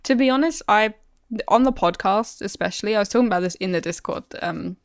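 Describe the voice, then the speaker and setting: A woman with an East London accent, a podcast co-host chatting casually and softly, laughing often. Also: mid-range voice, quick pace, no echo, studio quality. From England. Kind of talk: casual chat.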